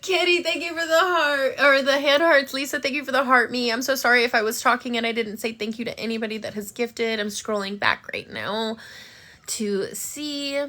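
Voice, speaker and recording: Young woman on a phone live, cussing and chatting, bright voice, thanking folks for gifts. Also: on the high side, moderate pace. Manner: brash, profane, thanks viewers for gifts. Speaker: TikTok live streamer. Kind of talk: casual storytelling and chatting on a livestream.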